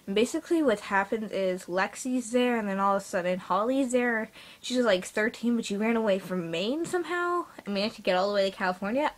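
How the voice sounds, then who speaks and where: Rambling woman giving a casual review. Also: medium pitch. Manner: rambling, filler-heavy, self-deprecating; blunt but apologetic critique. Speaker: fan fiction reviewer.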